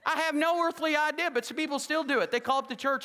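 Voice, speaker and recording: A man preaches in a high, sharp voice that carries. He is jokey and animated, slipping into the voices of the people in his stories. A long reverb trails each phrase around the sanctuary. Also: fast talker. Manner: jokey, animated, acts out quoted dialogue. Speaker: pastor. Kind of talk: humorous sermon with storytelling. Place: church sanctuary.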